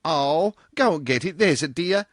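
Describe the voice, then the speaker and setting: A man's voice: fairly high pitch, expressive, normal speed, dry recording, clean studio sound, voice pushed up. A man voicing a dramatic, gushing young woman clerk who wails and pleads. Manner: wailing, breathless, theatrical. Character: shrill gushing young office girl, dramatic.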